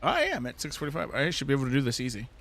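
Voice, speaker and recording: A man's voice: mid-range voice, huge pitch swings, rapid-fire, a bit bright. A man streaming a game, ranting heatedly with lots of swearing. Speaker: gaming streamer. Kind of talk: ranting commentary while playing a game.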